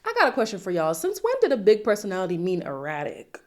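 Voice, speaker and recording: A woman's voice: mid-range voice, wildly swooping pitch, fast talker, a little mellow. A woman hosting a reality TV recap, talking casually with incredulous, sassy asides.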